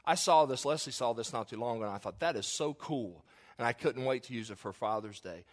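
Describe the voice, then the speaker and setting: A man's voice: mid-range voice, lively intonation, fairly quick. A middle-aged man pastor preaching a sermon, telling folksy family stories and acting out the quoted voices.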